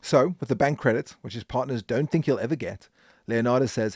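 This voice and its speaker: A man hosting a podcast, telling a business history story in an animated, emphatic way. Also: mid-range voice, brisk, breathy edge, no echo, clean studio sound. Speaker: podcast host.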